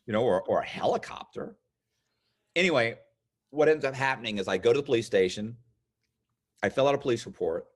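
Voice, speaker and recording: A man's voice: medium pitch, fairly quick, long pauses. A man in his fifties, a guest telling a long story in casual conversation and acting out the other people's lines. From United States. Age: 50s. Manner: animated storyteller, acts out quoted voices. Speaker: interview guest.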